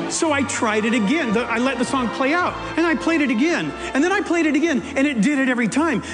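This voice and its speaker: High-voiced man preaching, slow and echoey. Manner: emotional, storytelling, varies pace for emphasis. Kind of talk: sermon with personal story. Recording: long hall reverb with faint music.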